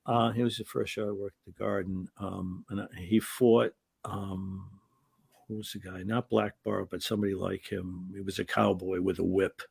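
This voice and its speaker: This older man, once a wrestling referee, has a low, slightly rough voice with vocal fry and talks at a normal speed. In a casual interview he tells wandering stories, keeps restarting his sentences, and gets lively at the punchline. The recording is dry.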